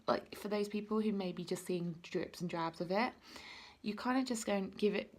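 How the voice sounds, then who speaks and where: This relaxed card-reading vlog features a woman whose medium-pitched voice stays steady and a bit mellow at a moderate pace. She offers viewers an intuitive reading, rambling chattily with plenty of "like" and "you know" while encouraging them face to face.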